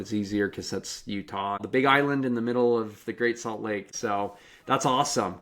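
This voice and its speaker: Guy coaching runners on his podcast, lower voice, rambly and upbeat. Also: steady tone, a little fast, fairly bright tone. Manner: rambling, encouraging, many restarts. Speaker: podcast host and running coach. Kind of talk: casual interview chat.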